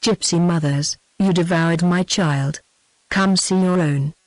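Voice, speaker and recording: A woman's voice: lowish voice, takes it slowly, a little mellow, no room sound, low-quality recording. A synthetic woman's voice as a crazed old recluse. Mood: wild bitter. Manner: mocking, wild, bitter. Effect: synthetic text-to-speech voice.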